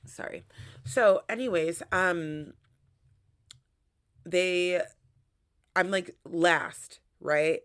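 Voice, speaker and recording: A woman's voice: fairly low pitch, drawn-out words, pauses often, a bit bright, clear, resonant tone, dry recording, studio quality. A young adult woman hosting a podcast, telling a story casually, swearing freely and hyping herself up emphatically. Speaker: podcast host.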